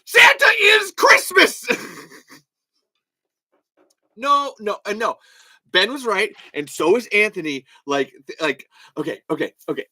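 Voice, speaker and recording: A man with a high, bright voice hosts a solo podcast, ranting fast and swearing freely. His delivery swings into loud bursts as he argues his point. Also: expressive, no echo. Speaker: podcast host. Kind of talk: solo podcast rant reading comments.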